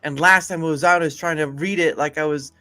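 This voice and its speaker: A man's voice: on the high side, steady tone, fast, bright, forceful tone, faint music behind. A man as guest player, chatting playfully and joking while making game choices. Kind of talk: casual chat during a game.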